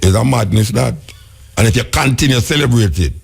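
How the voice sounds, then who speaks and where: A man's voice: medium pitch, expressive, a little fast, gravelly, slightly rough. A Jamaican man hosting a radio call-in show, commenting wryly and musing aloud. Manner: wry, musing, laughing commentary. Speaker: radio host.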